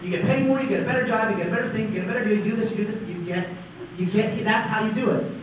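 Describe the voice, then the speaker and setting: A man co-presenting a conference talk, telling an anecdote in an animated, self-interrupting way. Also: high-pitched, very fast, slight background noise. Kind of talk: storytelling on stage. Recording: echoey hall, far-off dull mic.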